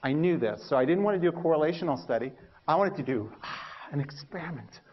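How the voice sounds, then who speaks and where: A man giving a university lecture, telling stories about his early research with lively, self-mocking humor and acting out his own past reactions. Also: a little high, fast talker, muffled recording, a little hiss or hum. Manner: animated storytelling, acts out his past thoughts. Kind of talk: lecture with personal anecdotes.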